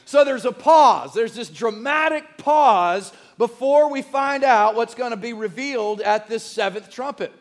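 A man preaching a sermon as pastor, his voice hoarse and squeaky from shouting, leading the congregation in energetic call-and-response. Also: a little slow, few pauses. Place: church sanctuary.

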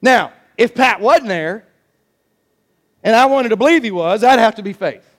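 A man preaching a sermon in an animated, joking, emphatic way. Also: high voice, moderate pace. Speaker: pastor.

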